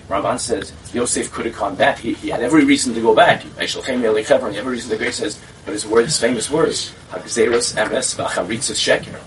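A man in a conversation telling a story with lively delivery, acting out the people he quotes. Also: medium pitch. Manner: animated storyteller who acts out quotes. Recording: distant mic with faint background noise.

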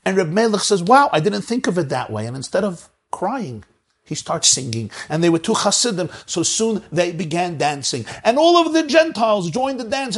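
A man gives an emphatic storytelling sermon as a spiritual teacher, stacking up phrase after phrase. His voice is gravelly and husky, a little high for a man. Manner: emphatic, piles up repeated phrases.

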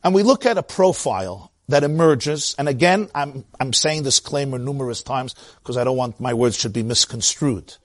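Animated man with a Brooklyn accent. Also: medium pitch, moderate pace, dry recording, clean studio sound. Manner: animated storytelling, acting out voices. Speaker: teacher of Torah. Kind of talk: Torah lecture.

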